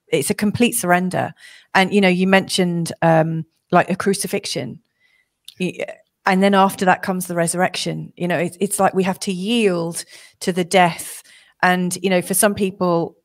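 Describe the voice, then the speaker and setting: A woman's voice: lowish voice, vocal fry. A woman hosting a podcast interview, speaking thoughtfully and hesitantly with many fillers as she reflects. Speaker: host.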